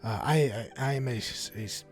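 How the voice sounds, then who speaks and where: A man voicing an earnest, practical male arcane caster who speaks in a halting way, a little lower than his own voice. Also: fairly even intonation, faint music behind, close to an everyday voice.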